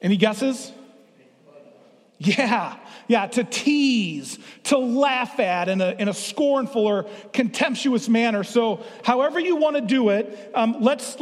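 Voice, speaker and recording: A middle-aged man preaching a sermon as pastor, playful and drawing the congregation into the reading. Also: high-pitched. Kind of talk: interactive sermon. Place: church sanctuary. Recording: long hall reverb.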